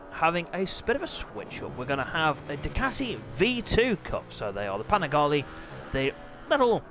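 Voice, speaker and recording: A man hosting a live stream, commentating sim motorbike racing and chatting with viewers, often clearing his throat. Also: on the high side, background noise.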